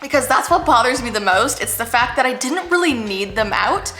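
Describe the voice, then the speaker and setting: Chatty woman in her 30s doing a q&a vlog, bright voice, roomy room w faint music. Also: a little high, animated, brisk. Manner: candid, chatty, lots of "like". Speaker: YouTuber. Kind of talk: casual Q&A vlog.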